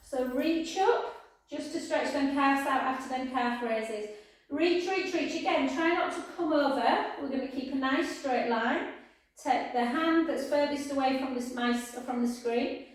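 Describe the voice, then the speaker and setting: A woman leads a pilates class, her high voice unhurried and soothing. She speaks slowly and gently, sighing her praise. She sounds far from the mic in a very echoey studio. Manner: soft, slow, soothing cues with sighs of "oh, gorgeous". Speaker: pilates instructor.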